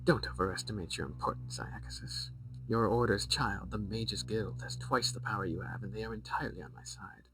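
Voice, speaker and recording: A man's voice: fairly low pitch, a little fast, distant mic, background noise, natural voice. A man voicing a scheming, haughty queen mother who speaks breezily and cuttingly. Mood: imperious.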